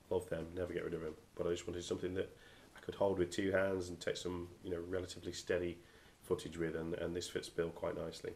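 Man from the UK, very low voice, stuffy nasal cold, casual halting gear review, faint hiss behind. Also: completely flat delivery, vocal fry, darkish tone. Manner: hesitant, many ums and restarts.

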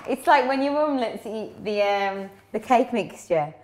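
A woman's voice: fairly high pitch, lively intonation, moderate pace, darkish tone. A woman chatting casually as a guest co-host during a cooking demonstration, playful and teasing. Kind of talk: casual chat while cooking.

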